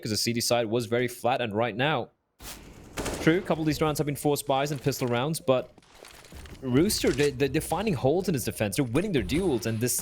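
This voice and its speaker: A man on a headset mic giving fast play-by-play commentary on a shooter match, getting excited during big plays. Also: medium pitch. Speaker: esports caster. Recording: faint noise and game gunfire behind.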